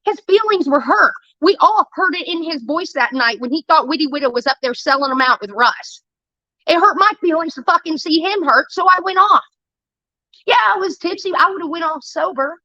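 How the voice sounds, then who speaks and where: High bright-voiced woman, angry profane streamer rant, dry and slightly dull sound. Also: moderate pace, no echo. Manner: profane, heated, defensive. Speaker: livestreamer. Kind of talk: angry ranting monologue.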